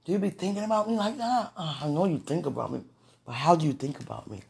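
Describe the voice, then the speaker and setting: Woman with a gravelly voice, giggly and gushing, for casual vlog talk and prayer. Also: low voice, fast talker, a little mellow. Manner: giggly, gushing, breathless exclamations.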